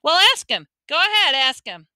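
A woman's voice: animated, normal speed, clean tone, no room sound. A woman doing a frantic young schoolboy. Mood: indignant. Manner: pleading and shouting, high-strung.

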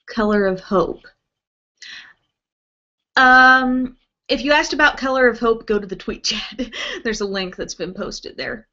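A woman's voice: medium pitch, bright, forceful tone. A woman hosting a casual beauty live stream from home, chatting and reading out viewer comments with lots of ums and little laughs. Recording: dull lo-fi webcast audio.

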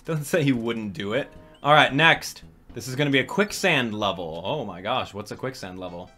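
A young man hosting a gaming channel, giving excitable, jokey live commentary and reading out and answering viewers' chat as he plays. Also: on the low side, normal speed, long pauses, faint music behind.

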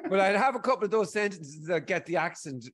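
A man in his forties with an Irish accent, talking in a loose, rambling way and cursing often. His voice sits a touch higher than most men's. The talk is casual and animated. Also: fast talker. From Ireland. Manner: rambling, frequent swearing, animated. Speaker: guest speaker. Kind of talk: casual conversation.

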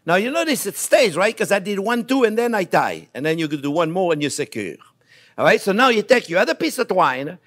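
A man's voice: sits high, a little fast. An older man, a chef giving a chatty cooking demonstration in a kitchen, joking and laughing as he teaches. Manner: animated, chatty, jokes and laughs while teaching.

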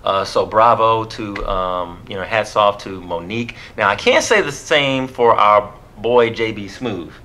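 A man's voice: on the low side, unhurried, hardly any pauses, sharp tone. A man co-hosting a movie review, chatting casually, joking and laughing often.

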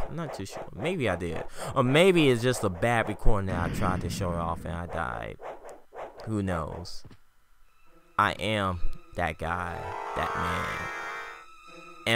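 A man giving casual, animated commentary on his gameplay, joking and trash-talking the enemies. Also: medium pitch. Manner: animated, trash-talks enemies, jokey asides. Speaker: let's play commentator.

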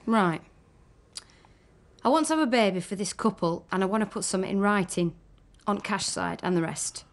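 A woman's voice: mid-range voice, moderate pace, close to an everyday voice. A woman playing a blunt working-class client. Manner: blunt, chatty, colloquial. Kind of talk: radio drama.

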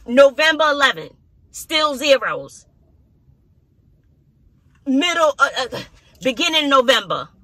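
Expressive woman teacher talking to camera. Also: sits high, measured pace, long pauses. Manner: expressive, ranting, sighs and laughs often. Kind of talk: casual vlog talk to camera.

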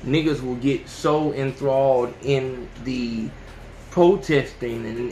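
A man hosting a podcast, ranting casually and with plenty of profanity, who often jumps into high yelling voices to mimic people. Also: slow, reverberant, a little hiss or hum. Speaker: podcast host. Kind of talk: casual opinion rant.

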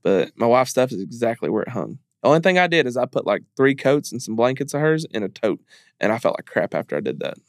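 A man's voice: mid-range voice, big pitch swings, fast talker, dry recording, clean studio sound. A man speaking as a podcast guest in a candid interview, earnest and emphatic, repeating phrases as he talks openly about grief.

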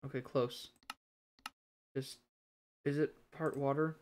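Speaking slowly in a level, mid-range voice, a man plays through a game for a late-night let's play at home, muttering to himself in exasperation. Keyboard clicks punctuate the noisy recording of his commentary.

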